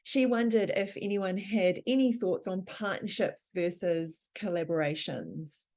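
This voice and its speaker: A woman's voice: lowish voice, a little slow. A woman moderating a conference panel, recapping points and passing along audience questions in an encouraging way. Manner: warm, encouraging recaps of the discussion. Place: conference room.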